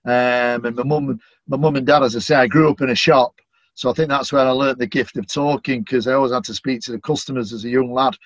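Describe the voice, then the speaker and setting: A man's voice: mid-range voice, steady tone, a little fast, dry recording. Chatty Mancunian man, dry muffled sound. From Manchester, England. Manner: warm, chatty, lots of "you know" fillers. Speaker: stadium announcer, podcast guest. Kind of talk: casual interview chat.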